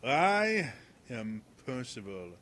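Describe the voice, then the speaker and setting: Pompous self-appointed protector, played by a man: grand, slow speech. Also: medium pitch, big pitch swings, fairly bright tone, exaggerated voice. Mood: grandly pompous. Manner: grandiose, declaiming. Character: pompous self-important male guard captain.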